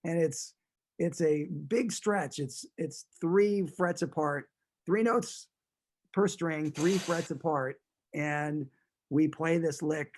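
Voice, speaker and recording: A man's voice: fairly high pitch, takes it slowly. A man telling stories as a guest in a casual interview, rambling and amused, with frequent restarts.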